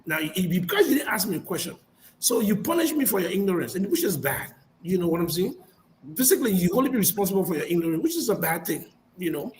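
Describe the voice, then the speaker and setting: A man's voice: high voice, big pitch swings, fast talker, slight background noise, poor audio. A man arguing defensively and insistently on a heated live panel show, repeating himself to make his point. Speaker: panel guest.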